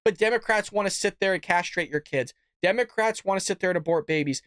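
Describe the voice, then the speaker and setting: A man hosting a political commentary show, ranting with heated, profane outbursts that swing from loud to muttered asides. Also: high-pitched, fast, clean tone, no room sound, clean studio sound.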